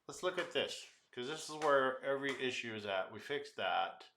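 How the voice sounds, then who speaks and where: A man's voice: mid-range voice, lively intonation, moderate pace, pushed and bright, roomy sound, slight background noise. A man teaching programming, thinking aloud and muttering as he works through errors in a live coding walkthrough. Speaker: programming instructor.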